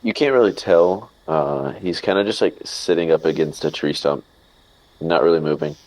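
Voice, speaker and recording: A man's voice: extremely low pitch, normal speed, darkish tone, poor audio. A man playing a tabletop game, chatting casually and plainly. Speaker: player.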